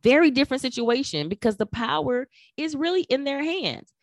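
A middle-aged woman giving career advice in an emphatic, animated talk, acting out quoted remarks. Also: sits high, moderate pace, no echo, studio quality. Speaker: career coach. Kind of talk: instructional talk.

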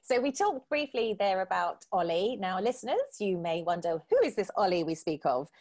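A woman's voice: mid-range voice, normal speed, a little hiss or hum. Woman podcast host, easygoing chatty tone, talking to listeners. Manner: relaxed, chatty, addresses listeners. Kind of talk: casual interview chat.

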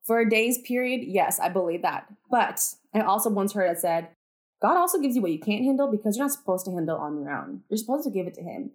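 Quick-paced and animated, a podcast host with a medium-pitched, darkish voice chats with her listeners about faith. Her earnest talk is peppered with "like" and "you guys," and she makes firm, convinced declarations.

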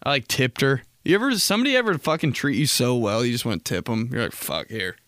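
A young man hosting a casual solo comedy podcast, rambling and swearing through stories with quick impressions. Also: medium pitch, big pitch swings, a bit bright, no echo, clean studio sound. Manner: rambling, profane storytelling with impressions. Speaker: podcast host.

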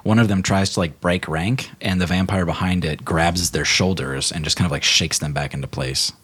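A man narrating as game master in a casual, animated way with many fillers. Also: low voice, normal speed, husky.

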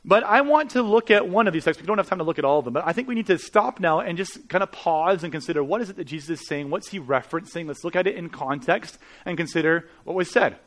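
A man's voice: a little high, lively intonation, fast, few pauses, a bit bright. A man preaching a sermon in an earnest, conversational way, with rhetorical questions to the congregation. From Canada. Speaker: pastor.

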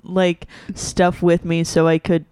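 A woman's voice: on the low side, completely flat delivery, slow, a little mellow, clean tone, no echo. A young adult woman co-hosting a casual podcast, talking in a hesitant way with many fillers. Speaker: podcast co-host.

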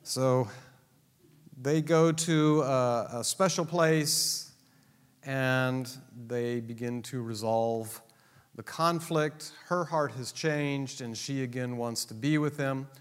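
A man's voice: mid-range voice, takes it slowly, clear, resonant tone. A man teaching a Bible class to a live audience, joking and teasing his listeners as he explains the text. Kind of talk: classroom lecture. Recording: long hall reverb.

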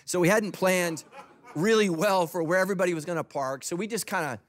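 A man's voice: sits high, fairly quick. A middle-aged man preaching a sermon as a pastor, humorous and conversational.

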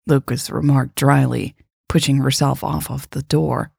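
A woman narrating an audiobook in a measured, quietly dramatic reading, voicing dialogue softly. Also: a bass voice, steady tone, vocal fry, husky, no echo, studio quality.

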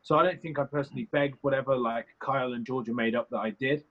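Speaking fast with fairly even intonation, this young adult man has a mid-range voice. He's a reality competition contestant guesting on an interview, chatting in a rambling, candid way and swearing now and then. The recording sounds slightly muffled and lo-fi.

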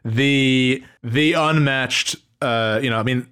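A man's voice: mid-range voice, slow pace, bright, forceful tone, clean tone. A young man co-hosting a casual gaming podcast, rambling and jokey with lots of fillers. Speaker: podcast co-host.

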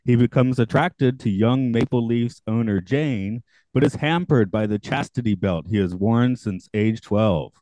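Brief: male podcast host, measured summary reading, mellow tone, dry close mic. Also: mid-range voice, no room sound, poor audio. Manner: measured, reads a plot summary. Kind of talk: casual chat and read-out summary.

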